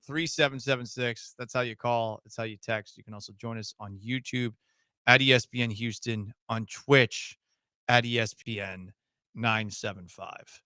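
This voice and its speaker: A man's voice: medium pitch, bright, forceful tone, smooth, no room sound. A man hosting a sports talk radio show in a studio, speaking in a wry, sarcastic way.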